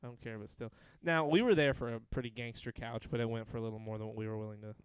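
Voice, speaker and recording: A young man chatting on a casual livestream podcast, his voice smooth and clear with a dry, close sound. He jokes around and rambles through long explanations in a relaxed, everyday tone. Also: mid-range voice, fast, no room sound. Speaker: podcast co-host.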